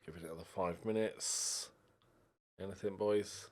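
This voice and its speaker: A man's voice: fairly low pitch, moderate pace, pauses often. A young man giving casual commentary while playing a football management game, talking to his players on screen. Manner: animated, talks to the players on screen, yelps in frustration. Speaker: gaming YouTuber. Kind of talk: casual let's-play commentary.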